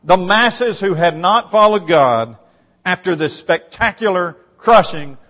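High-voiced preacher in a reverberant hall. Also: male voice, animated, measured pace, a bit bright. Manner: emphatic, rising on repeated phrases, reads scripture aloud. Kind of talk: sermon.

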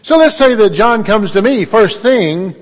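A man's voice: sits high, expressive, a little slow, big-room sound. A middle-aged man, preaching a conversational sermon in a folksy, storytelling way and putting questions to his listeners.

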